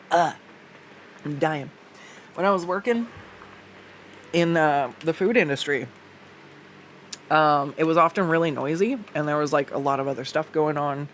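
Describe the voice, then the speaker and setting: A woman with a low voice chats unhurriedly while drawing on her art stream, leaving long pauses and rambling with lots of fillers, restarts and the occasional swear. She records at home on a desktop USB condenser mic, with slight background noise.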